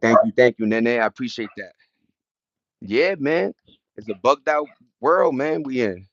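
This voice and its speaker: A man's voice: mid-range voice, a little slow, muffled recording, a little hiss or hum. A middle-aged man hosting a livestream, telling loose, slangy stories in casual chat and greeting viewers from the chat between them. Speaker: livestream host.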